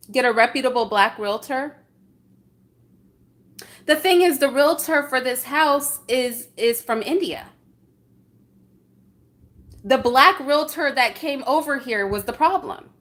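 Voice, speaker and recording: A middle-aged woman from San Francisco telling a story in casual livestream chat, indignant and animated, firing off rhetorical questions. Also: sits high. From San Francisco, USA. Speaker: vlogger reacting to chat.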